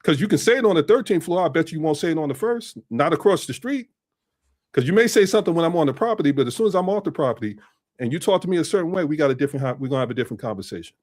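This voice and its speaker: A man's voice: a little high, expressive, rapid-fire, a little mellow. A middle-aged man speaking as a podcast guest, blunt and street-wise as he talks through how things really work. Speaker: podcast guest, business strategist. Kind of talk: casual podcast conversation.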